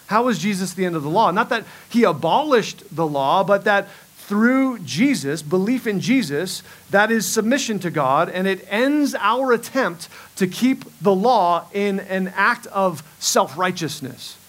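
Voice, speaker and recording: A man's voice: high voice, animated, unhurried, hardly any pauses, a bit bright. A middle-aged man preaching a sermon as pastor, earnest, often repeating himself as he restarts a thought.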